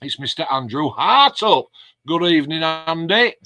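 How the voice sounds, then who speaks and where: A man's voice: a little high, big pitch swings, normal speed, bright, forceful tone. Chatty man hosting a live stream. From England. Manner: chatty, reads out viewer comments. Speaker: host of a model-building live stream. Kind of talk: casual live-stream chat.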